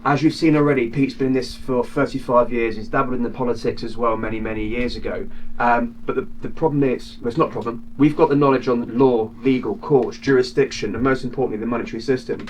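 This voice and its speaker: Man, casual spokesman with a halting delivery, mid pitch, distant mic. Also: fairly even intonation, darkish tone, a little hiss or hum. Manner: hesitant, with frequent restarts. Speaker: property investor, project spokesman. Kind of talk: casual explanatory talk. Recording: distant mic with faint outdoor ambience.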